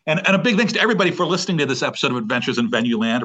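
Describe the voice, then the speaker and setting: A man's voice: mid-range voice, lively intonation, very fast, few pauses, fairly bright tone, slight background noise. A man hosting a podcast interview, upbeat with easy questioning. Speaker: podcast host.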